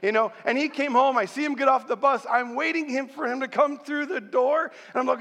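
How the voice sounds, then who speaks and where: Man, middle-aged, pastor, high-pitched, animated sermon, long church reverb. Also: a little fast, vocal fry, few pauses. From central New York, USA. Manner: animated storytelling, rallying the congregation. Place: large church hall.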